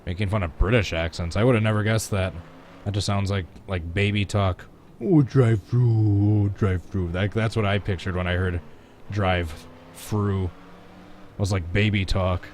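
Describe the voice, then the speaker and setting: A gaming live streamer with a low voice talks at a normal speed in a steady tone, with a little hiss or hum audible. Chatting casually at home, he reacts to viewers and the action while playing a racing sim.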